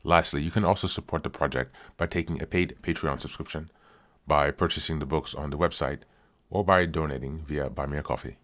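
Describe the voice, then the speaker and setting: A man hosting a podcast, reading announcements and introducing a clip in a steady way. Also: a bass voice, a little fast. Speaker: podcast host.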